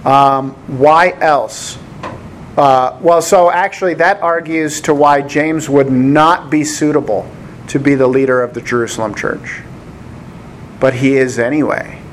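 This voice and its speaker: A man's voice: medium pitch, fairly even intonation, unhurried, slight background noise. An American man giving a casual Bible teaching, chatty and rambling, with frequent laughs. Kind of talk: casual sermon with anecdotes.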